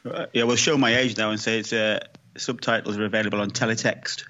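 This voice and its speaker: A man's voice: lowish voice, steady tone, fast talker, very noisy. A man from England co-hosting a casual sports podcast, jokey and self-deprecating. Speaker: podcast co-host. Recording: dull lo-fi sound.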